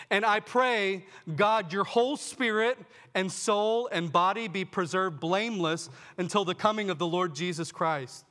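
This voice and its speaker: A man's voice: sits high, a bit bright, in a large hall. A man preaching a sermon to his congregation, earnest, often asking them questions and calling them "folks". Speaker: pastor.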